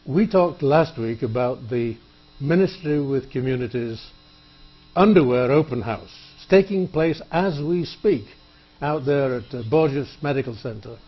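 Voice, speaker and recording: A chatty man hosts a small studio talk show, his voice sitting in an ordinary middle register. He jokes and pauses with fillers, and the lo-fi tape gives everything a dull, muffled sound. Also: medium pitch, lively intonation, husky. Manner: chatty, joking, halting with fillers. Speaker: TV show host. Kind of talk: public-access studio interview. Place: TV studio table.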